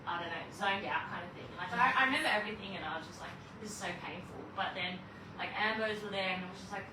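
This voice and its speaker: An Australian woman telling a birth story as a podcast guest, in animated, breathless storytelling full of fillers. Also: mid-range voice, quick pace. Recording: echoey room, distant mic, background noise.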